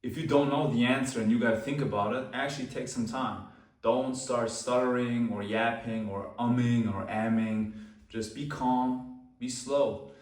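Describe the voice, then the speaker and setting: A man hosting a self-improvement video, talking slowly and calmly with deliberate pauses. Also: medium pitch, echoey room, far from the mic. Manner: slow, calm, pausing deliberately. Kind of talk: slow deliberate talk to camera.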